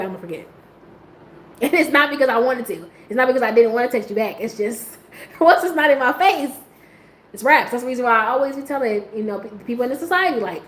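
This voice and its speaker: A woman talking casually, rambling in slang, laughing often and jumping into high squeals when she quotes herself. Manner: slang-heavy, rambling, trailing off quietly. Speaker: host. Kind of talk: casual chat. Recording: echoey room with faint ambient noise.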